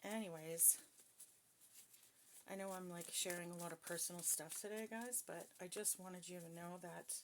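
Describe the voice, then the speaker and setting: A woman's voice: on the low side, steady tone, normal speed, noisy background. A woman who is a psychic reader, talking casually and bluntly to her viewers, with plenty of swearing and emphasis. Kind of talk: casual personal talk to viewers.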